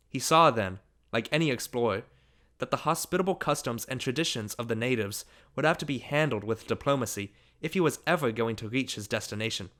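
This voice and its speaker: A man reading a literary short story aloud as an audiobook narrator, in a measured, unhurried manner. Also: mid-range voice, fairly bright tone.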